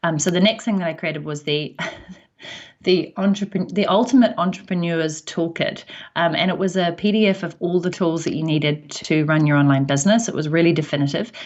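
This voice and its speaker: A woman's voice: fairly low pitch, brisk, a little mellow, highs cut off. A woman with a New Zealand accent, telling stories in a chatty way with plenty of ums as a podcast guest. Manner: chatty storytelling with frequent ums. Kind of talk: casual podcast interview.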